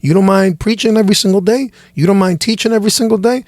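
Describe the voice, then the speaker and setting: A pastor guesting on a casual podcast, talking in an animated, preachy way and often restarting his phrases. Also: sits high, fast, no room sound.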